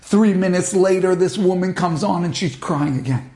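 A man giving a storytelling sermon as a religious teacher, dramatic, dropping to hushed tones and rising to impassioned peaks. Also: sits high, normal speed, hardly any pauses.

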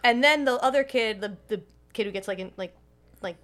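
Woman rambling fast on a podcast, higher voice, tons of likes and restarts. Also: a bit bright. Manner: rambling, many fillers and restarts. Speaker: podcast co-host. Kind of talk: casual chat about a film.

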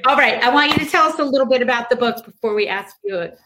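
A woman's voice: fairly high pitch, fast, crowd noise. Effusive woman hosting an author chat. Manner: effusive, enthusiastic. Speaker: host. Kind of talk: casual interview chat.

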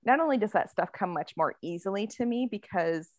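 A woman's voice: mid-range voice, expressive, a little fast, darkish tone, no echo. A woman author in a casual podcast interview, talking in a chatty way with many fillers and frequent laughter. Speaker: author guest.

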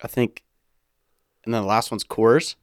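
A man's voice: lowish voice, fairly even intonation, unhurried, dry recording, studio quality. A man co-hosting a podcast, chatting in casual, profane, joking banter into a microphone. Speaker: podcast co-host.

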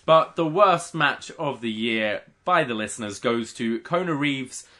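Bright-voiced man hosting a podcast. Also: medium pitch, animated, measured pace. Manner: easygoing, leads the segments. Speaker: podcast host. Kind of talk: casual chat.

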